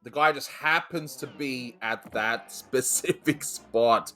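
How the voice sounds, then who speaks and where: A man hosting a casual podcast chat, enthusiastic and quick to laugh. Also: medium pitch, pushed and bright. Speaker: podcast host.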